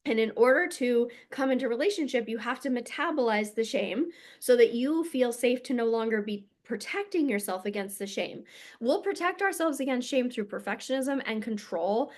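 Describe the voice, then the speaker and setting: A woman's voice: a little high, animated, moderate pace. A woman healer and coach giving a casual teaching monologue, blunt and emphatic, swearing freely.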